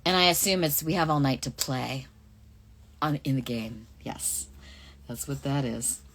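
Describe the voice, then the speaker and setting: A woman's voice: extremely low pitch, unhurried, a bit bright. A woman voice actress chatting through a live fan Q&A, reading out questions and answering casually.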